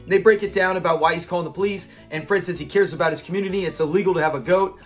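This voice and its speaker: A man hosting his own channel, casually recapping a sitcom episode in a chatty, animated way and acting out the quotes. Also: high voice, racing, soft background music.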